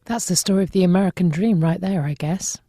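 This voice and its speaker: Mellow low-voiced woman interviewer. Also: quick pace, no echo, clean studio sound, soft background music. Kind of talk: interview questions.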